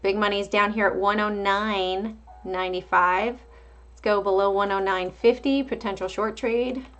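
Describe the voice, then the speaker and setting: A woman's voice: medium pitch, steady tone, moderate pace, fairly bright tone, lo-fi sound. A woman hosting a casual live market stream, calling out price levels and chatting back to viewers. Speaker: livestream market host.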